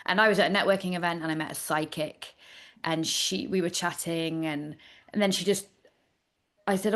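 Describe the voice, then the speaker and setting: A woman's voice: on the low side, fairly even intonation, moderate pace, fairly bright tone. A woman, a chatty guest telling stories in a casual interview. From Nottingham, England. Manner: chatty storyteller, trailing off. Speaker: astrologer guest.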